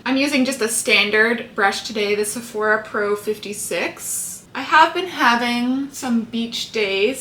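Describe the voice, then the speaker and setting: Woman makeup vlogger, casual and rambling, crisp bright tone. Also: on the high side. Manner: chatty, rambling asides. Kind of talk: casual tutorial chat. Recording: roomy echo, faint hiss.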